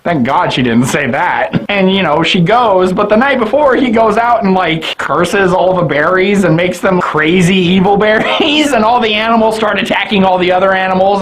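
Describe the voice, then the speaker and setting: A man's voice: sits high, low-quality recording. A drunk man rambling through a comedic anime review, swearing and laughing often.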